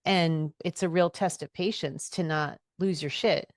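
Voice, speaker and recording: A woman chats easily on a podcast, thoughtful and a little wry, with a voice on the lower side. Her words come across close and dry, with no room around them. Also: fairly even intonation, unhurried, no room sound. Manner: easygoing, reflective, joking. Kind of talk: casual chat.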